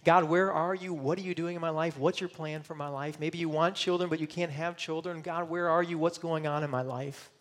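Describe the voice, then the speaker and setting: A man's voice: on the high side, fairly even intonation, moderate pace, few pauses. A middle-aged man from Michigan preaching a sermon, earnest and personal, voicing searching questions and at times close to tears. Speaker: pastor.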